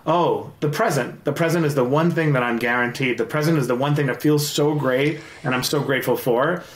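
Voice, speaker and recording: A man in his forties, a guest in a casual interview, telling personal stories candidly with quick bursts and restarts. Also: mid-range voice, creaky, fairly bright tone. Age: 40s. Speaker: guest, investor. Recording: roomy echo.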